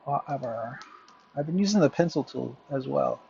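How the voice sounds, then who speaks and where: A man chatting casually to viewers while he draws, rambling and muttering softly to himself. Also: on the high side, lively intonation, a little fast, vocal fry, dull audio, a little hiss or hum. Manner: rambling, self-talking, drifts into soft muttering. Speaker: drawing vlogger. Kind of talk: casual talk while drawing. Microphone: headphones with mic.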